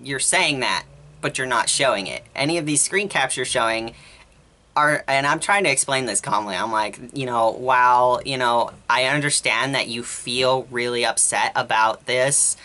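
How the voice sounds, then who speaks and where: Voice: mid-range voice, normal speed, sharp tone. A vlogger telling a long story in a rambling, exasperated way, often quoting both sides of an argument. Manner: rambling, exasperated, quotes others in conversation. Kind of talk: casual storytime rant.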